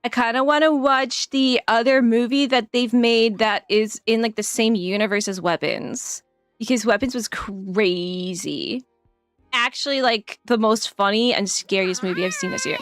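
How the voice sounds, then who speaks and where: A woman's voice: on the high side, moderate pace, clear, resonant tone, dry recording, faint music behind. A woman streamer chatting casually on a live stream, giggling often and rambling through plenty of fillers.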